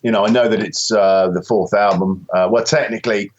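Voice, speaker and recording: British musician guest, low voice, muffled remote line, rambling self-deprecating talk. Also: male voice, steady tone, a little fast. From Britain. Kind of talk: casual interview chat.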